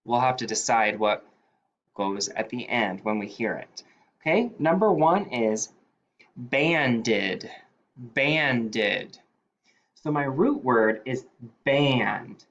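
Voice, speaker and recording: A male teacher leading a phonics dictation lesson, sounding out words slowly and deliberately. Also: mid-range voice, a bit bright, lo-fi sound.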